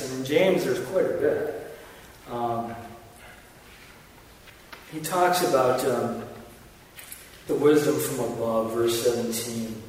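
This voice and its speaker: A male pastor preaching a sermon, emphatic and repetitive, with joking self-mocking asides to the congregation. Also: medium pitch. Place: church sanctuary. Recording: echoey church hall from far off, faint noise.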